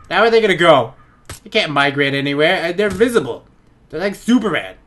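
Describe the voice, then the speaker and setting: A young man giving crude, goofy gameplay commentary on a headset in his bedroom, often laughing and yelling out suddenly. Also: on the high side, sing-song, fairly quick. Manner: goofy, giggly, crude jokes, sudden loud outbursts. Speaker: gaming let's play host.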